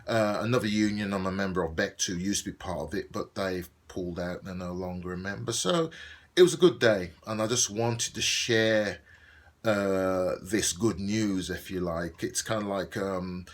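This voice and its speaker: Middle-aged man, Birmingham accent, low pitch; casual video diary, rambling, filler-heavy. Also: normal speed. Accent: Brummie. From Birmingham, England. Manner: rambling, filler-heavy, many ums and restarts. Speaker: actor and video diarist.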